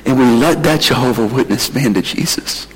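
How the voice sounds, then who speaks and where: A man preaching, telling a mission story in an emotional, animated way. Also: medium pitch, moderate pace, long reverb tail, low-quality recording. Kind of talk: sermon storytelling.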